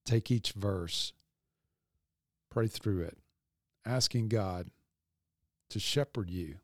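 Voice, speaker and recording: A man hosting a devotional podcast, teaching in a calm, reflective way. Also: on the low side, dry recording, clean studio sound.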